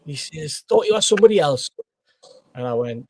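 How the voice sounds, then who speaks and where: Man, podcast panelist, animated storytelling, dry close recording. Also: fairly high pitch, fairly quick, dry recording. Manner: animated storyteller, acts out quoted voices. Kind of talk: casual anecdote telling.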